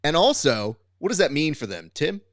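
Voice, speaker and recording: Animated male podcast storyteller. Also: a little high, moderate pace, no room sound, clean studio sound. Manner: animated storyteller who acts out quotes. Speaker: podcast co-host and grappling coach.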